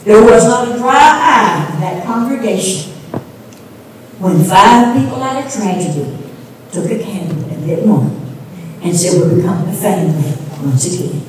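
A woman's voice: medium pitch, expressive, normal speed, a little hiss or hum. A woman preaching a sermon, telling stories and rising into sung emphasis at times. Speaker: pastor's wife preaching. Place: church sanctuary. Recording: echoey room from a distance.

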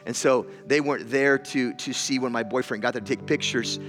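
A man's voice: mid-range voice, fairly even intonation, brisk. A man preaching in a church hall, telling a story with stumbles and repeated words. Faint music plays under his voice. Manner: storytelling, repeats words, builds to loud emotional climax. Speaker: pastor. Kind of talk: sermon.

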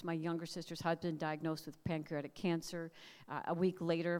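Middle-aged woman preaching, lowish voice, earnest and measured, big echoey hall. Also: clear, resonant tone. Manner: earnest, prayerful, measured cadence with emphatic repeated lists. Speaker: speaker at a family camp, radio host. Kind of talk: sermon with personal testimony. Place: large hall. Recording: long hall reverb.

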